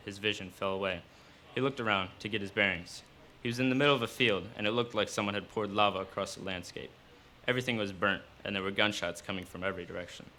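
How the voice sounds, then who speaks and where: A man reading his own fiction aloud at a live cafe event, in steady storytelling narration. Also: lowish voice, slight background noise.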